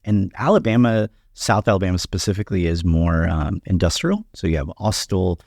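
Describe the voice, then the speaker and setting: Low-voiced measured man in his thirties. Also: animated, creaky, a little mellow, no room sound, studio quality. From United States, Honduran parents. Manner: measured, articulate, frequent "um" openers. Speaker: guest, company CEO. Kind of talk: conversational interview answers.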